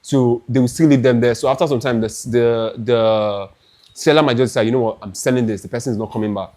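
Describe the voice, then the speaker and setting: A young Nigerian man with a Nigerian accent, telling a lively, dramatic story in a chatty clothing haul vlog. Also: mid-range voice, a little fast. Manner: animated, dramatic, restarts often. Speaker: fashion vlogger.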